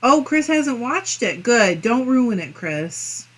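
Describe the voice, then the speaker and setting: A woman's voice: a little high, sing-song, slow, fairly bright tone, poor audio. Chatty Midwestern woman live-stream host. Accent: Midwestern American. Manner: chatty and friendly, muses aloud with small laughs. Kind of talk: casual live-stream chat, reading viewer comments aloud.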